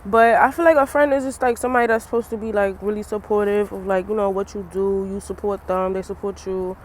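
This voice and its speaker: Talking fast at a medium pitch with fairly even intonation, a young vlogger chats to her camera outdoors in the cold. She's casual and laughs a lot, her eyes swollen from crying, and there's slight background noise.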